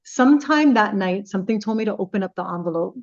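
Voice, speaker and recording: A woman's voice: mid-range voice, quick pace. Storytelling radio woman from Hawaii, muffled. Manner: animated retelling, acting out quoted dialogue. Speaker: radio personality, podcast guest. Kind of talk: casual storytelling in conversation. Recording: slightly muffled, lo-fi sound.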